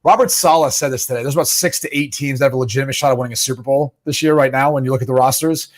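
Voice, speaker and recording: A man's voice: mid-range voice, steady tone, racing. A man appearing as a football analyst guest on a podcast, talking confidently and plainly. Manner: confident, plainspoken, uses fillers. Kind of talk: casual sports chat.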